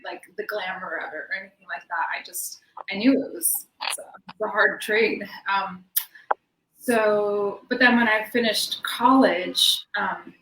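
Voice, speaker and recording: Calling in by video from a room in her Swedish home, a dancer chats casually as an interview guest, laughing often and using many fillers. Her mid-range voice is unhurried, the sound is roomy and there's noise in the background.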